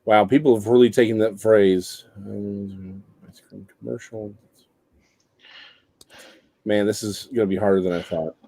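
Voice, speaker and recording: Mellow-voiced man co-host, casual and halting. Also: fairly low pitch, steady tone, creaky, no echo. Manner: easygoing, halting while searching for words. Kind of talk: casual chat.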